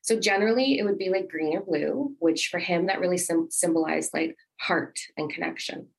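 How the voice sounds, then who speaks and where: A middle-aged woman talks from her home office, with a slightly low voice. Her tone is breathy and husky. She wanders from point to point in a relaxed, affectionate way. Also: moderate pace, low-quality recording. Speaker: podcast co-host. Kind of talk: casual conversation about parenting.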